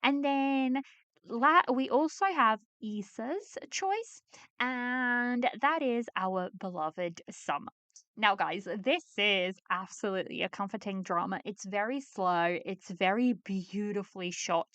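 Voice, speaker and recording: A woman's voice: medium pitch, animated, slow, fairly bright tone, no room sound. A woman hosting a podcast in casual chat, gushing and enthusiastic, repeating words for emphasis. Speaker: podcast host.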